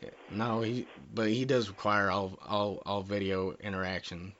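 A man's voice: on the low side, little pitch movement, normal speed, noisy background. A man hosting a comedy show, making crude prank phone calls with a mock-polite drawl. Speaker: prank caller and podcast host. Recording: dull lo-fi recording.

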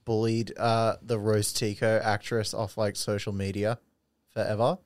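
A man's voice: fairly low pitch, level tone, a little slow, no room sound. A young man chatting casually as a podcast co-host, rambling, stop-start and swearing a lot. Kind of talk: casual chat.

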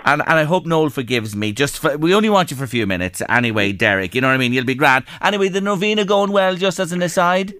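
A man's voice: on the high side, fast talker, few pauses, bright, forceful tone, no room sound, studio quality. A man with an Irish accent hosting a local radio show in easy, friendly chat.

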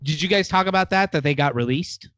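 A man's voice: a little high, fairly quick, no room sound. A man hosting a casual podcast chat, recapping an episode and acting out the characters' lines. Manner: animated storyteller, acts out characters' lines. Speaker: podcast host.

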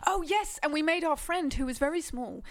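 A woman's voice: high-pitched, expressive. An English woman hosting a film podcast in a casual, rambling chat, laughing often. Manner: giggly, rambling, quick to laugh. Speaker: podcast host.

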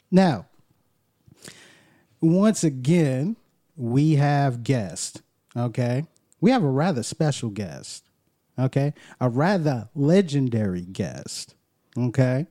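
A man's voice: medium pitch, very animated, dark tone, no echo, studio quality. A man hosting a podcast in loose, joking casual banter. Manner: loose, joking, drawn-out emphasis. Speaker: podcast host.

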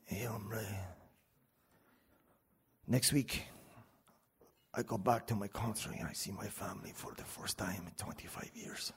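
Man doing a tattooed convict, quiet and low, murmuring his request. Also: steady tone, unhurried, vocal fry, pauses often. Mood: confiding. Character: violent tattooed male prison inmate, hushed and earnest.

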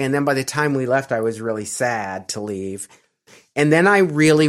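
Middle-aged American man, casual interviewee, rambling delivery full of ums and restarts. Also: medium pitch. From United States. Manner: rambling, with many fillers and restarts.

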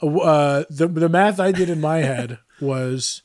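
A man's voice: on the high side, slow pace, hardly any pauses, a little mellow, dry recording, clean studio sound. A man co-hosting a podcast, telling rambling, self-deprecating stories and laughing often. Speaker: podcast co-host. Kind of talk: casual chat.

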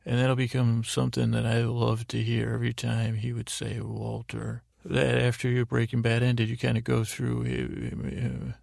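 A man hosting a sleep podcast, slowly recapping a TV episode in a meandering way, with frequent ums and restarts. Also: medium pitch, vocal fry, a little mellow, no echo, studio quality. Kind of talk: rambling bedtime recap of a TV episode.

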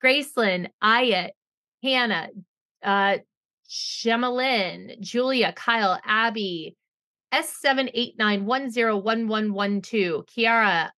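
A middle-aged woman co-hosting a podcast, chatting casually and reading out thanks, emphatic and quick to react with blunt humor. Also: on the high side, sharp tone. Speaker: podcast co-host. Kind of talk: casual chat and show reading.

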